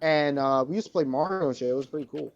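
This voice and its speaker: A man's voice: a little high, quick pace, dry recording. Rambling, profane man, lo-fi dry mic. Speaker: podcast co-host. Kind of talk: casual chat.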